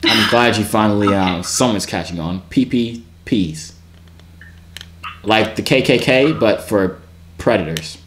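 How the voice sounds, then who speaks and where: A man in his twenties filming a YouTube video, teasing strangers on a video chat with deadpan questions. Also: on the low side, normal speed, background noise. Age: 20s.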